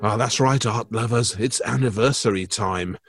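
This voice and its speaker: A man co-hosting an art podcast, talking in a lively, jokey, slightly theatrical way. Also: medium pitch, normal speed, over music. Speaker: podcast co-host. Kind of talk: casual chat.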